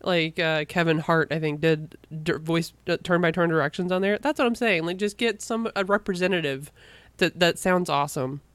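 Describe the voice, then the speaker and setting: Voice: medium pitch, a bit bright, no echo. Co-host, casual chat, stop-start delivery, dry close mic. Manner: halting, lots of fillers and restarts. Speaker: podcast co-host.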